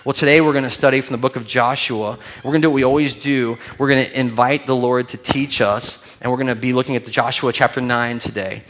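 A man's voice: medium pitch, fairly even intonation, fast talker, few pauses, a bit bright. A man preaching a sermon as pastor, conversational and joking, building to emphatic points.

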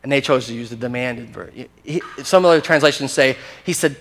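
Animated preacher with a higher voice. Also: male voice, a little fast. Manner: animated and emphatic, with frequent restarts and chuckles. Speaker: pastor. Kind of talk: sermon.

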